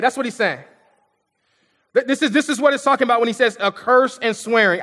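A man's voice: sits high, normal speed, pauses often, fairly bright tone, in a large hall. A male pastor preaching a sermon in a church auditorium, in a conversational way with repetitions and asides to the congregation.

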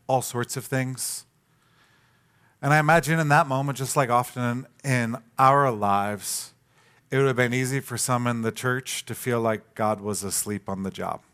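Male pastor, sermon delivery, animated storyteller who acts out the quotes. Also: medium pitch.

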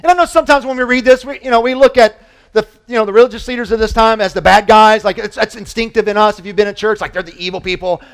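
Fast and smooth, this pastor's sermon has a chatty, lively feel, full of restarts and side comments. He moves back and forth from loud, emphatic stretches to hushed, low passages.

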